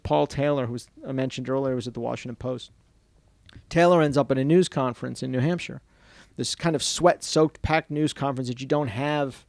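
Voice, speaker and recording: Man telling a story with gravelly voice. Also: medium pitch, dry recording. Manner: animated storyteller, quotes others in a hushed voice. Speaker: author giving a book talk. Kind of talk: storytelling book talk. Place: bookstore event room before an audience.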